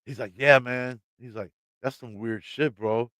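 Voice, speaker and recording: A man with a Midwestern American accent talks straight to his live chat, rambling through a story, cursing casually and laughing as he goes. His voice is smooth and clear at a middling pitch, and the recording is dry and close. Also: steady tone, measured pace, a bit bright, no echo. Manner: rambling, swears freely, laughs often. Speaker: channel host talking to live chat.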